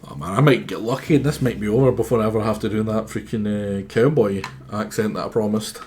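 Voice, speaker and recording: A man's voice: fairly low pitch, steady tone, quick pace, darkish tone, slight background noise. A man streaming a game on a headset mic, making wry, rambling asides. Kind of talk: gaming stream commentary.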